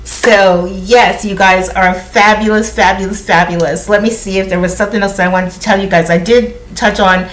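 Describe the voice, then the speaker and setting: A woman's voice: medium pitch, steady tone, moderate pace, hardly any pauses. A woman talking casually to her viewers, rambling with asides and laughs. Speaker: spiritual vlogger. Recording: echoey room.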